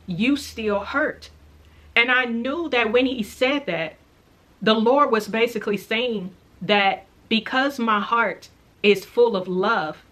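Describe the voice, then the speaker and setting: A faith vlogger with a fairly high, somewhat bright voice earnestly recounts a dream. She speaks casually and reflectively, going slowly and repeating key parts.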